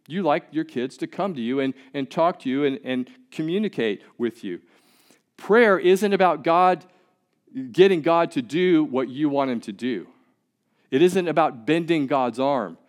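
A pastor giving a sermon in a conversational, emphatic way, often repeating words as he goes. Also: fairly high pitch.

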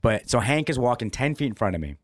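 A man co-hosting a podcast, telling a baseball story in a lively, casual way and slipping into the voices of people he quotes. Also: medium pitch, fast, no echo, studio quality. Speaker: podcast co-host.

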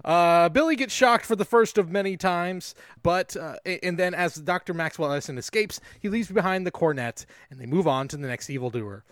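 A man's voice: high-pitched, brisk, few pauses, fairly bright tone. A young man co-hosting a podcast, recapping a movie in casual, sarcastic chat and swearing now and then. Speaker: podcast co-host.

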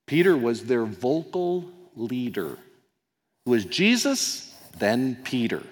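A man's voice: medium pitch, big pitch swings, slow pace. A man preaches a sermon with a middle-range voice, retelling the story in an easy, conversational way. He acts out the quoted lines and drops into little asides. His words ring on in a long hall reverb, as in a church sanctuary. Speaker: pastor.

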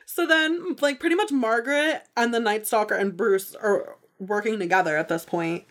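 A woman hosting a podcast, recapping a TV episode in casual chat, excitable and full of "like", sometimes acting out what the characters say. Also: on the high side, moderate pace. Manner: chatty and excitable, heavy use of "like", acts out characters' lines. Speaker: podcast host.

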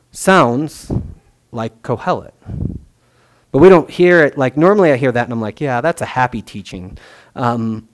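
A man's voice: medium pitch, darkish tone. A young man giving a conversational sermon as a pastor, musing aloud with many fillers and restarts.

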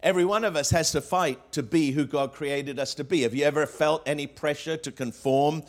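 A man's voice: on the high side, a little fast. A man preaching a sermon to a congregation, asking rhetorical questions and weaving in quotes, with frequent fillers and restarts. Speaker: pastor.

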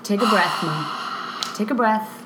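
A woman's voice: mid-range voice, a little slow. A woman in her late twenties chatting as a daughter with her mother, laid-back and teasing, laughing often. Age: late 20s. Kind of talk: casual chat on a call. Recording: echoey room with faint noise.

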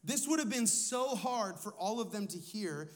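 High-voiced man preaching a sermon. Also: animated, normal speed. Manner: conversational preaching, asks the audience questions; tells personal stories. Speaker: lead pastor.

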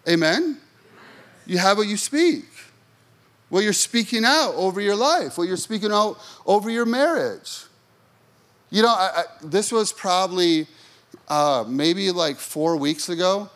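Guy preaching, kinda high voice, swoops up and down a lot, tells stories and asks the crowd stuff. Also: expressive, measured pace, a bit bright. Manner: chatty, storytelling, asks the congregation questions. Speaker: pastor. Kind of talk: sermon.

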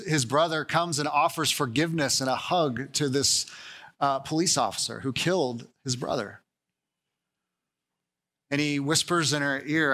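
A man preaching a conversational sermon, acting out quoted voices with lively shifts in tone. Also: on the high side. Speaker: pastor.

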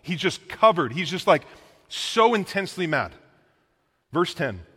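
A man preaching a sermon in an animated, casual way, with slang and emphatic delivery. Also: on the high side, unhurried, pauses often, breathy edge. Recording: long echoing reverb.

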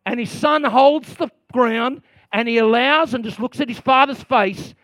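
High-voiced storytelling male pastor. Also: measured pace, dry recording. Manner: storytelling, swings from quiet asides to loud bursts. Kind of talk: sermon.

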